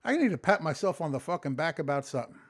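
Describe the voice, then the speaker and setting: A man talking casually in a late-night vlog, exhausted and sleepy, animated and rambling with plenty of swearing. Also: a little high, fast talker. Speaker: vlogger, customer service phone agent.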